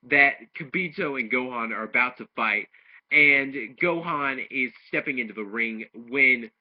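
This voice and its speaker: A man casually recapping and reviewing an anime episode, rambling through the plot with restarts. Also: medium pitch. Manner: rambling retelling with restarts, acting out quoted lines. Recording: dull lo-fi home recording.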